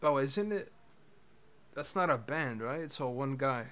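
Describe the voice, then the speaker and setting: A male streamer chatting offhand with an AI bot, mumbling and halting, with a teasing tone. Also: mid-range voice, animated, a bit bright. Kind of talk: casual live-stream chat with an AI bot. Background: faint keyboard typing.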